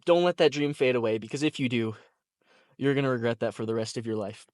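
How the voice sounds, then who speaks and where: A man's voice: medium pitch, fast talker, darkish tone, no room sound, clean studio sound. A young man, a content creator, talking to camera in an earnest, heartfelt personal vlog, teary-eyed and talkative. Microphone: camera mic, talking to camera.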